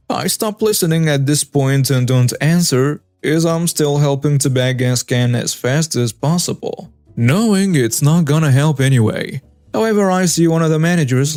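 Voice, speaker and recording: A man's voice: mid-range voice, darkish tone, dry recording. A man narrating a customer-service story in a wry, conversational way. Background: faint background music.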